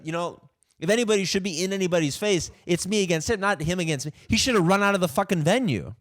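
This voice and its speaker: A man's voice: high-pitched, quick pace, dry recording, clean studio sound. Indignant, stammering male comedian ranting. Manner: stammering restarts, profane, indignant. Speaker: comedian and podcast host. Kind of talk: ranting comic monologue.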